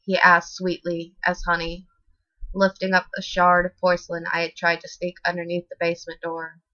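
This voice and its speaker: A woman reading a horror story as scripted narration in a steady, expressive way, in a slightly muffled dry recording. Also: fairly low pitch, moderate pace, no echo.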